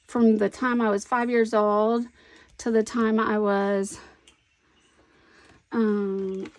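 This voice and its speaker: A woman, chatting through a crafting vlog as a rambling, animated storyteller who laughs often. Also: on the high side. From Virginia, US. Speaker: scrapbooking vlogger.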